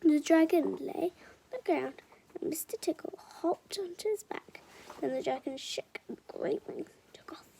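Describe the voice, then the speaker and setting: A woman's voice: extremely high pitch, a little slow, vocal fry, mellow. A woman reading a children's picture book aloud, often dropping to a whisper and adding chatty asides to her listeners. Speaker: storyteller.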